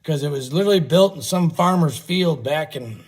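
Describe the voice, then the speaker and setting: Husky, folksy man chatting on a livestream. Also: a little high, animated, moderate pace. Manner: rambling, folksy, swears casually. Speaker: livestream host. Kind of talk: casual livestream chat.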